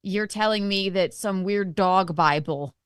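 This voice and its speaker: A woman's voice: mid-range voice, measured pace, a bit bright, clean tone, dry recording, studio quality. A woman co-hosting a morning show, chiming in with teasing, sarcastic remarks. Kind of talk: casual chat.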